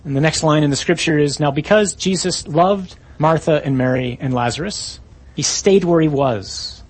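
A man preaching a sermon, reading scripture with emphatic rises on quoted lines and low, quiet drops at key points. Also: moderate pace, slightly rough.

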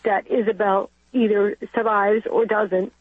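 A woman's voice: mid-range voice, fairly even intonation, unhurried, breathy edge, dry recording. Emotional grandmother on a tinny phone line. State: emotional, close to tears. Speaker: caller. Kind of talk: phone-in call.

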